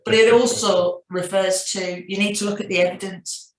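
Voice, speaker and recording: A woman's voice: medium pitch, steady tone, moderate pace, reverberant, rough recording. A middle-aged woman with a Northern English accent, a chief executive telling anecdotes in a business interview with many restarts. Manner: reflective, anecdotal, frequent restarts. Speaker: CEO guest.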